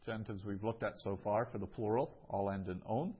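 Low-voiced male teacher, unhurried lesson delivery, muffled lo-fi sound. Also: fairly even intonation, breathy edge. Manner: reads each phrase twice, then translates, with frequent ums. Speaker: Greek teacher. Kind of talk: slow explanatory language lesson.

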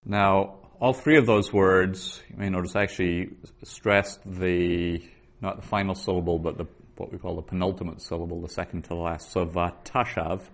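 A man teaching a Biblical Hebrew class, reading verses aloud slowly and then patiently explaining the grammar. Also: low-pitched, fairly even intonation. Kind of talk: slow explanatory lesson.

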